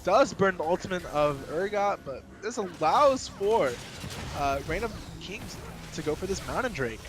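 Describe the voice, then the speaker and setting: A man's voice: high-pitched, expressive, unhurried, music in the background. A man doing play-by-play commentary on an esports match, speeding up when fights break out. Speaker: esports caster.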